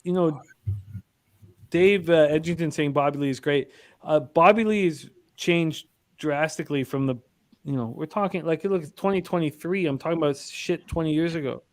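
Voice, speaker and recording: Rambling casual man, slightly high voice. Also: moderate pace. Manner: rambling anecdotes with many fillers. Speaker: sports betting show host. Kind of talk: casual chat, storytelling.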